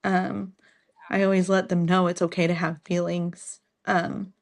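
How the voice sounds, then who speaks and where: A woman's voice: fairly low pitch, flat delivery, unhurried, gravelly. A woman in her thirties, a podcast guest, candidly and earnestly sharing a personal story in an interview. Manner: candid, earnest, faith-filled. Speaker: podcast guest, single mother.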